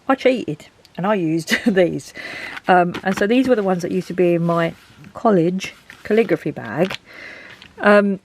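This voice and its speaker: Talking to herself as she sorts her belongings, a woman rambles and thinks aloud in a casual home craft vlog recorded indoors in her craft room. Her voice is fairly low with a darkish tone.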